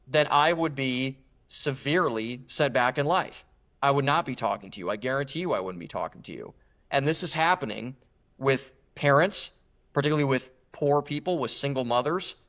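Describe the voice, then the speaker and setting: A young man talks as a guest on a podcast, earnest and emphatic. He often restarts his sentences as he builds a point. His voice sits at a middle pitch. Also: a bit bright. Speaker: guest author. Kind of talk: podcast interview.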